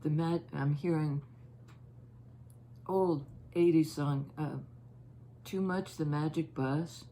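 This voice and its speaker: A woman giving a casual tarot reading, musing and halting as she thinks aloud over each card. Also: low voice, fairly even intonation, warm tone, a little hiss or hum. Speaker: tarot reader.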